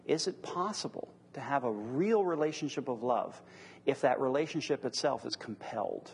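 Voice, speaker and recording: A middle-aged man teaches a church class and keeps pressing the group with earnest questions. His voice is husky and a little breathy, and he sits at an ordinary middle pitch. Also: expressive, normal speed, big-room sound. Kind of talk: leading a church class discussion.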